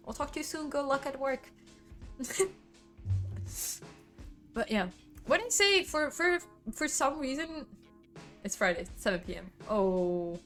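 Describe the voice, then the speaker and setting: A woman's voice: high-pitched, big pitch swings, takes it slowly, long pauses, bright, forceful tone, faint music behind. A woman with an Italian accent, a native Italian speaker, chatting casually with her stream viewers, laughing often and swearing freely. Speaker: livestreamer.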